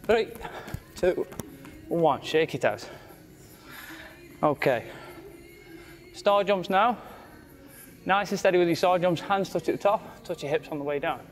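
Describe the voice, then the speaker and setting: A man's voice: sits high, lively intonation, a little slow, long pauses. A man leading a cardiac rehab exercise circuit, giving short counted cues while slightly out of breath. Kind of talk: coaching an exercise class. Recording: faint background music.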